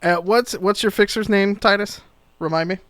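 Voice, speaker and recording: A man's voice: sits high, steady tone, moderate pace, a bit bright, smooth, no room sound. A man running a tabletop game as game master, easygoing and laughing often as he narrates.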